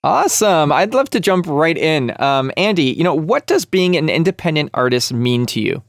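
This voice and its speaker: A man's voice: fairly high pitch, very animated, normal speed, creaky, no room sound, clean studio sound. A man from Canada co-hosting a casual music interview show, upbeat and jokey. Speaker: co-host.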